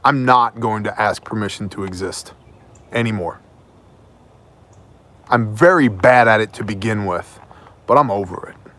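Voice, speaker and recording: A man's voice: on the low side, a little slow, long pauses, a bit bright. A man hosting his own news show, delivering opinionated commentary in an emphatic, sometimes mocking way. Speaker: host of an independent news show.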